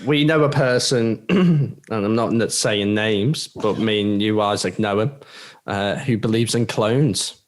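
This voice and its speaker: A man's voice: fairly low pitch, a little slow. A man co-hosting a casual podcast chat, joking and laughing as he spins silly scenarios. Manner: joking, animated, laughs a lot. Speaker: podcast co-host.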